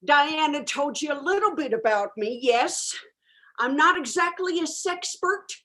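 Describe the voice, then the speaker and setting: A high, slow, drifting voice belongs to a spacey new-age guru who rambles dreamily about sex and spirit, as a woman acts her out in improv. She is self-absorbed and takes her time, heard over a video call from a bedroom. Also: lively intonation, bright, forceful tone, full character voice. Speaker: improv performer. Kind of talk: improvised character comedy. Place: home bedroom.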